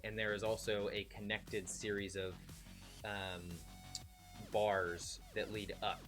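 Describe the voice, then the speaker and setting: A man's voice: lowish voice, flat delivery, slow, fairly bright tone, soft background music. A man narrating as game master, with many fillers and restarts.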